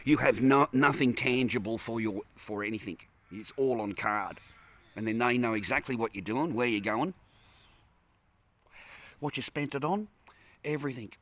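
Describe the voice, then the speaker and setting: A man's voice: mid-range voice, normal speed, long pauses. An Australian man ranting angrily in a vlog from his car, profane and repetitive. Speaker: vlogger. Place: in a parked car.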